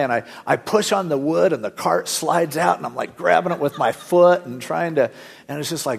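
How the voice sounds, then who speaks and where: A middle-aged man preaching a sermon as pastor, telling stories and acting out the dialogue in lively voices. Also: a little high, brisk, creaky, breathy edge.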